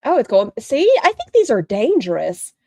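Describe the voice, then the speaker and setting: A woman hosting a live stream from the northern United States, close to Canada, reacts to a clip with sarcastic, blunt remarks and frequent profanity. Her voice is on the high side with wildly swooping pitch at normal speed. The audio is very noisy.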